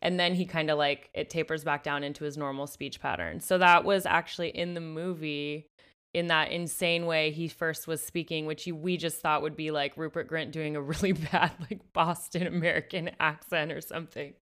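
A woman's voice: low voice, fairly even intonation, moderate pace, fairly bright tone, smooth. A woman co-hosting a podcast, chatting animatedly about a book and its film, full of "like" fillers. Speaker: podcast co-host. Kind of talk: casual book-and-film discussion.

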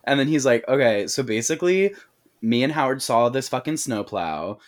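A man recaps a movie for his podcast in a loose, swearing, gossipy way, and his pitch rises and falls constantly as he acts out each character's lines. The delivery is casual chat between friends, full of asides and laughter. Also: normal speed. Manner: profane, animated storytelling with quoted voices. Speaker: podcast co-host.

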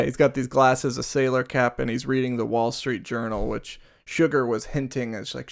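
Gravelly-voiced male podcast co-host. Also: mid-range voice. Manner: relaxed, recaps plot, acts out quotes. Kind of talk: casual chat about a film.

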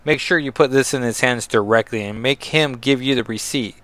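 A man's voice: medium pitch, brisk, fairly bright tone, no room sound, natural voice. Man voicing an earnest young heroine writing home; plain, dry read.

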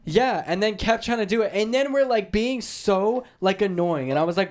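A man's voice: high voice, brisk, few pauses. Defensive young man on a podcast. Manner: defensive, teasing back-and-forth with fillers. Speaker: podcast co-host. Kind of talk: casual chat.

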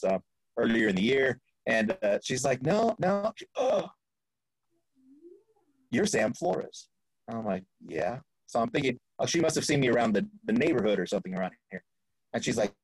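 A man with a husky, slightly breathy voice tells a story as a podcast guest. He is animated, jumps up in pitch to act out other people's lines, and laughs often. The sound is dry and close, with almost no room in it. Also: no room sound, low-quality recording. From Florida.

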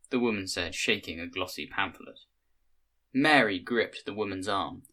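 A man with a lowish voice and a bright, forceful tone reads a literary short story. His delivery is measured and careful, in a polished scripted storytelling style. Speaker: podcast reader.

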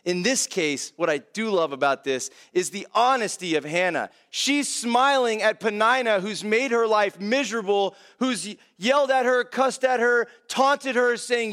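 High-voiced man preaching casually. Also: animated, a little slow, a bit bright. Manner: conversational, many fillers like "man" and "like". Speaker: pastor. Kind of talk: casual verse-by-verse sermon.

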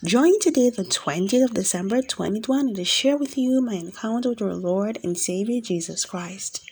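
A woman minister leading a fervent, solemn spoken prayer, with repeated declarations in a steady devotional cadence. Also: mid-range voice, normal speed, breathy edge.

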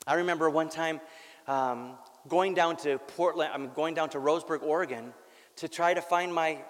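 An earnest male pastor preaching a sermon in a slightly high voice. He talks candidly, repeats words and slips in wry jokes. His voice rings with the long reverb of a big hall. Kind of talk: sermon with personal story.

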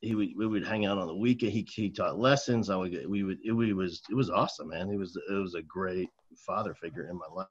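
A man from New Jersey, an educator, telling stories in a casual conversation, animated and repeating words, often saying man and dude. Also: low voice, fast talker, hardly any pauses, slightly rough, lo-fi sound. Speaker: educator, guest.

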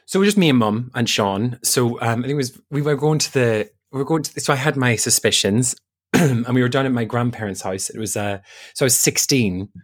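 An Irish man, a podcast co-host, telling an animated personal story, acting out what others said and laughing as he goes. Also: mid-range voice, fairly quick. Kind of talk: casual chat, personal storytelling.

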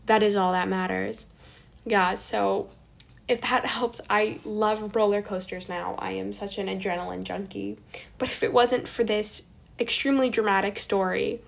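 Gravelly-voiced woman telling a dramatic story. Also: medium pitch, moderate pace. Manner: dramatic, animated, self-mocking. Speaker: vlogger. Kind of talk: personal storytelling.

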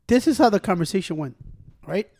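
Fast-talking high-voiced man, swearing freely. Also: animated, a little mellow. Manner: rapid, profane, switches between English and Spanish. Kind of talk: casual chat. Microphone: studio mic.

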